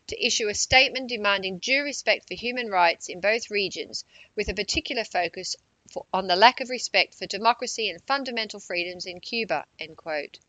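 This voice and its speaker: A woman reading a political news report in a measured narration, with quotes read aloud. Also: medium pitch, bright, forceful tone, no room sound, rough recording.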